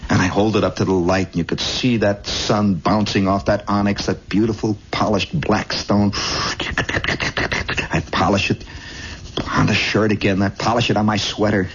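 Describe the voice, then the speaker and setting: A man hosting a radio show, telling a long improvised story with many asides, shifting between hushed and excited, on an old lo-fi recording. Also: fairly low pitch, unhurried, breathy edge. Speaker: radio host. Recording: dull lo-fi 1960s radio.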